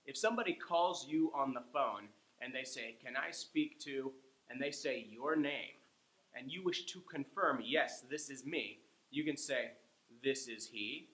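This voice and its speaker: A man's voice: medium pitch, pushed and bright, roomy sound, poor audio. A man teaching an English lesson, explaining patiently and acting out sample phone lines.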